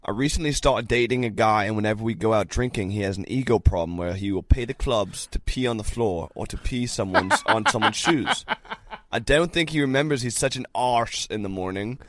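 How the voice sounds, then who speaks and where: A man's voice: on the low side, fairly quick, a little hiss or hum, natural voice. A man doing a mangled mock-British woman. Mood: amused. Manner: reading aloud in a mangled put-on accent. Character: mock-British woman letter writer, mixed European accent.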